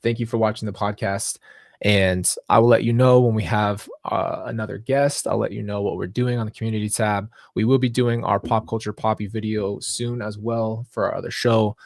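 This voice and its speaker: Emotional podcast host, gravelly voice. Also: male voice, fairly low pitch, steady tone, no room sound, clean studio sound. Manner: heartfelt, halting, many restarts. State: emotional, near tears. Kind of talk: live podcast sign-off to viewers.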